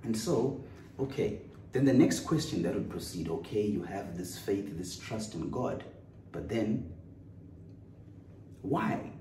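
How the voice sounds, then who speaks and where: A man's voice: on the low side, lively intonation, slow, pauses often, mellow. A man preaching a sermon with an earnest, storytelling delivery, recorded in a church. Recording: roomy echo, distant mic, faint noise.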